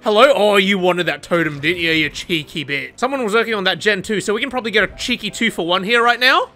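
A young woman giving casual, excitable commentary over her own gameplay, swearing and laughing often. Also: medium pitch, quick pace, faint music behind. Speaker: gaming streamer.

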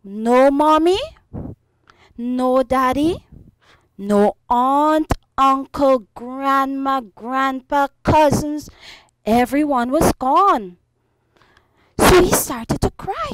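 A woman teacher telling a story to young children in a sing-song, expressive way, speaking to them directly. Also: high voice, takes it slowly, a little hiss or hum, low-quality recording.

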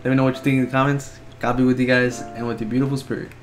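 A young man giving excited gameplay commentary as a video host, chattering nervously and shouting when he wins. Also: mid-range voice, rapid-fire, faint music behind.

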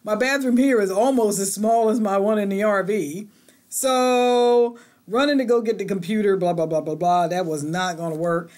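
A middle-aged woman talks straight to her camera in a casual home vlog. She is chatty and animated, and her voice moves between bright excitement and soft, hushed moments. Her pitch sits in a middle range. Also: normal speed. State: out of breath. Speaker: vlogger.

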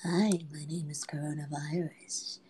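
A hushed, creepy virus that stalks old people, speaking in a low breathy whisper and sounding playfully sinister, as a woman puts it on. The voice is quiet and mock-threatening rather than truly frightening. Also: level tone, unhurried, slight background noise. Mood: menacing. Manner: mock-menacing, teasing.

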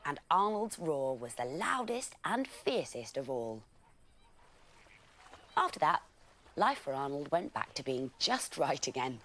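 A woman presenting a bedtime story for children, reading it aloud gently and expressively. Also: deep voice, sing-song, a little slow.

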